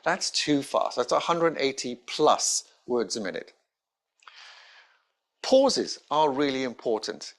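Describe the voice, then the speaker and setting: Emphatic presentation coach. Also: male voice, mid-range voice, expressive. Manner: emphatic, varied intonation with deliberate pauses. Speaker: presentation skills trainer. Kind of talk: instructional talk to camera.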